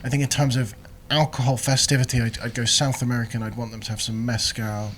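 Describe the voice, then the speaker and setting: A man's voice: medium pitch, flat delivery, fast talker, a little hiss or hum. A man from England co-hosting a comedy podcast in casual chat, rambling through his ideas, laughing often, and trailing off as he searches for words. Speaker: podcast co-host.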